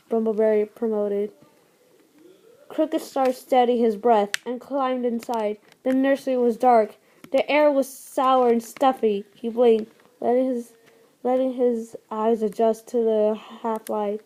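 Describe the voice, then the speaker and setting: A woman's voice: on the high side, steady tone, unhurried, mellow. A woman reading a story aloud as host, stumbling often and restarting words.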